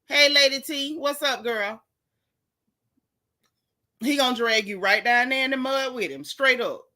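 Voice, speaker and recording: A woman's voice: sits high, measured pace, pushed and bright. A woman hosting a gossip show as a casual livestream, dramatic and theatrical, talking straight to her chat viewers. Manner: talks directly to chat viewers.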